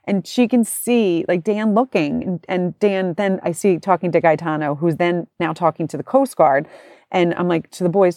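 A woman in her forties tells a story in a lowish voice, animated and chatty, slipping into other people's voices. The sound is close and dry, with no room around it. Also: normal speed, no room sound. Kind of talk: casual storytelling.

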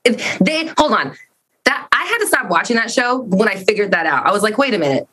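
A woman's voice: mid-range voice, sing-song, brisk, sharp tone. A woman host in casual chat, rambling animatedly about shows that make her cry, cursing freely.

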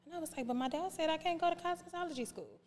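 A woman telling a long personal story in a casual podcast chat, animated and acting out remembered dialogue in different voices. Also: extremely high pitch, rapid-fire. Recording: reverberant room with faint background noise.

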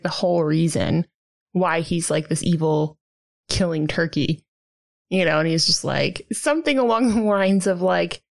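A woman's voice: lowish voice, creaky. A woman in casual chat about a movie she found badly written, talking loosely with lots of "like" and frequent laughter. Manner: chatty, laughing often, heavy use of "like". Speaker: podcast co-host reviewing a movie.

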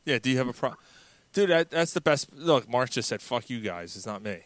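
A man's voice: medium pitch, lively intonation, a little fast, no room sound. A man co-hosting a talk show, blunt and insistent, swearing casually as he trades stories. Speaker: co-host. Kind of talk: casual profane banter.

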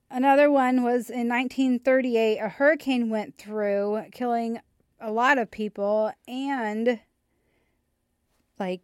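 A woman co-hosting a podcast, telling a story in a relaxed chat with lots of ums and likes. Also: fairly high pitch, clear, resonant tone, no room sound, studio quality. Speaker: podcast co-host. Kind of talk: casual chat.

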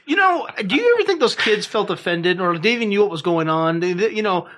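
High, bright-voiced laughing man. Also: big pitch swings, fast. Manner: laughs often, jokey, acts out quotes in high voices. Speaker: podcast co-host. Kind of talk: casual chat.

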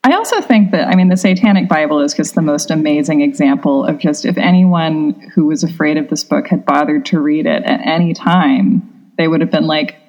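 A woman speaking as a guest on a podcast, her voice sitting a little low. She talks in a chatty, wry way, with plenty of filler words. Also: fairly quick, a little mellow, dull audio. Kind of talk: casual conversation.

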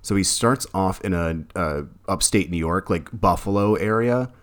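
Man, very low voice, casual rambling podcast co-host. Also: moderate pace. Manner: rambling, many fillers and restarts. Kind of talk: casual film discussion.

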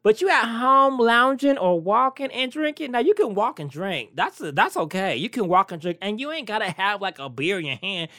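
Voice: mid-range voice, sing-song, moderate pace, hardly any pauses, bright, forceful tone, no echo, studio quality. A talk show host in a casual solo chat, sassy, brash and teasing with the listeners. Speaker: podcast host.

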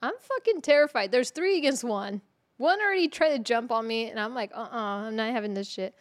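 A woman co-hosting a casual podcast, telling a story in an animated way, swearing freely and laughing through it. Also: fairly high pitch, brisk, no echo, clean studio sound. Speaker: podcast co-host.

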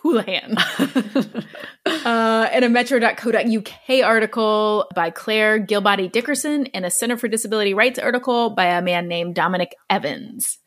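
A woman's voice: medium pitch, normal speed, a bit bright. A woman hosting a podcast, telling a true story in a chatty, earnest way and laughing easily.

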